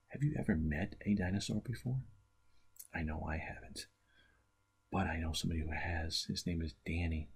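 Deep gravelly guy teaching little kids online, playful and over the top. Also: moderate pace, pauses often. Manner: playful and exaggerated, talking to small children. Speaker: preschool teacher. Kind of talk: remote lesson for preschoolers.

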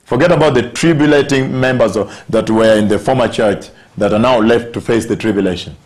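A man preaching a sermon, stressing scripture words emphatically and slowing down on key phrases. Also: mid-range voice, a little mellow.

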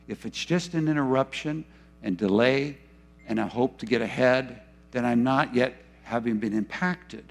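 A man preaching a sermon as pastor in a church, moving between hushed, slow lines and loud, urgent ones. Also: medium pitch, vocal fry. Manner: dramatic retelling with acted quotes, swinging between hushed and loud.

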